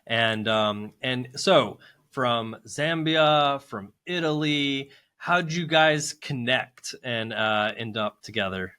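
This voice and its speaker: Male podcast host, eager and effusive, bright forceful tone. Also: medium pitch, slow, clean tone. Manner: enthusiastic and effusive. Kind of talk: upbeat podcast hosting.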